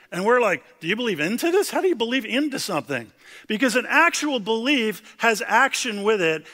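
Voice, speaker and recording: Bright-voiced pastor man preaching. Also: sits high, big-room sound. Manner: conversational, plain-spoken preaching with asides. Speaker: senior pastor. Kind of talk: sermon.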